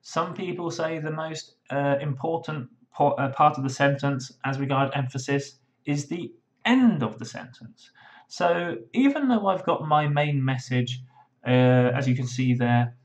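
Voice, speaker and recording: A man's voice: fairly high pitch, unhurried. A man teaching legal English writing in a webinar, explaining patiently and thinking aloud with frequent fillers and restarts. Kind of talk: webinar lesson.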